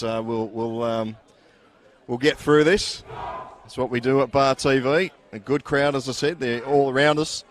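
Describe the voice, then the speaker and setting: Chatty Australian man calling a local match. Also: mid-range voice. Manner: relaxed, filler-heavy, chatty. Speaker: sports commentator. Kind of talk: live match commentary. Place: at a suburban football ground.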